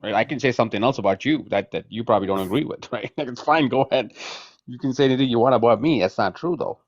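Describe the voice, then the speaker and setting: A man's voice: mid-range voice, fast talker, dull audio. A man calling in to a political talk show, defending his views and struggling to get a word in. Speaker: caller. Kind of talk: call-in political argument.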